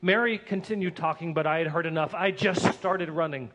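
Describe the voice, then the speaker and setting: A man narrating a dramatic first-person story in an earnest, emotional way, swelling with excitement at tense moments. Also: on the high side, fairly quick.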